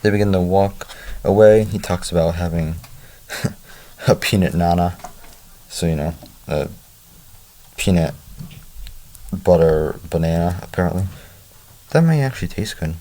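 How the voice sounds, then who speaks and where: A man's voice: low-pitched, unhurried, pauses often, mellow. A man casually recapping a book's plot, with chatty offhand asides. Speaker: book reviewer. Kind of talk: casual story recap and reading.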